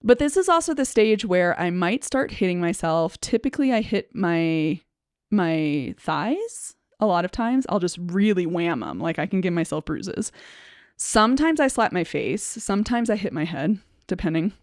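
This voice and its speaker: Speaking to camera as a speech-language pathologist, a woman reflects haltingly on a personal experience, with many fillers, restarts and soft, nervous laughter. Her voice is fairly low and sing-song, recorded dry in studio quality.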